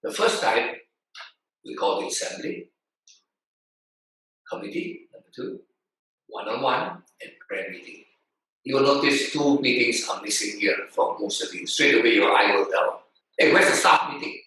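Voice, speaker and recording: Animated preaching man in echoey hall. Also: mid-range voice, measured pace, pauses often. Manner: animated, exclaiming, rhetorical questions. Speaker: pastor. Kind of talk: sermon. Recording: echoey hall, far from mic.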